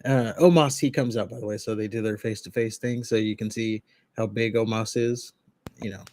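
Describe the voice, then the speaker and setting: A man's voice: fairly low pitch, steady tone, a little fast, mellow, no room sound. Man casually recapping wrestling, dry sound. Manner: rambling recap with laughs and restarts. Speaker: podcast co-host.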